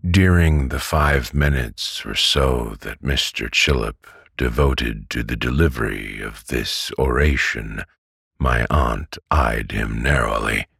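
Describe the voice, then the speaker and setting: A man reading a classic novel aloud as a calm, unhurried bedtime story. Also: rumbling low, vocal fry, slightly rough, no echo, clean studio sound. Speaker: audiobook reader.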